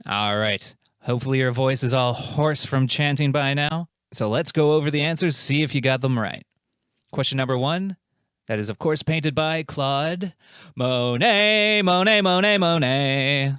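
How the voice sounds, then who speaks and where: A man hosts a comedy quiz, reading each question with a playful, self-mocking humour. His voice is smooth and resonant at an ordinary middle pitch. The sound is close and dry, with no room in it. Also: normal speed, no echo. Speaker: quiz show host.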